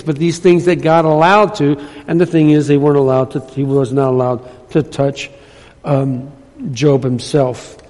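A man with a fairly high voice preaches to his congregation in a conversational, sometimes emphatic way. His words ring out with a long church-hall reverb. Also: mellow. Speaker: pastor. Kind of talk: sermon. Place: church sanctuary.

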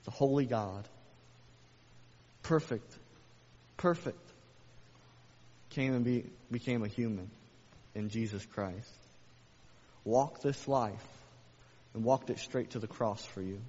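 A man's voice: lowish voice, measured pace, pauses often, mellow, slightly rough. Man preaching in an echoey hall. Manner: emphatic preaching with repeated phrases and rhetorical questions. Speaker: pastor. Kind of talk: sermon. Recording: echoey hall, dull lo-fi sound.

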